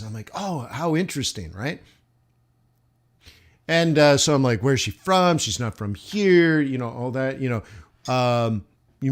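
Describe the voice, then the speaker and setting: A man chatting casually while running a live trading stream, rambling with many fillers and restarts. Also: mid-range voice. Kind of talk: casual livestream chat. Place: southern United States.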